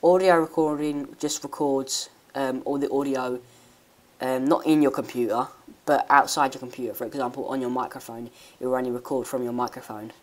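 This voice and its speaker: A woman giving a rambling, hesitant software tutorial with many restarts. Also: very deep voice, fairly even intonation, fairly quick. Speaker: tech YouTuber. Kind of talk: screen-recording software tutorial.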